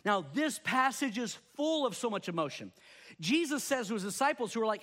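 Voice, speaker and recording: A man with a fairly high voice delivers a sermon. He tells scripture stories in an animated way and acts out the voices of the people in them. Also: brisk. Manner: animated storytelling, acting out quoted voices. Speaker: pastor.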